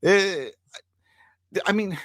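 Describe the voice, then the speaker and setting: A man's voice: sits high, takes it slowly, a bit bright, no echo, studio quality. A man co-hosting a casual TV recap chat, laughing often and humming filler sounds as he talks. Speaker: podcast co-host.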